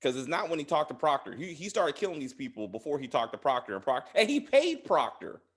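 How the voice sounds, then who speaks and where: A man co-hosting a casual TV recap chat, acting out character lines in an animated way. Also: fairly high pitch, brisk, breathy edge. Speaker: podcast co-host.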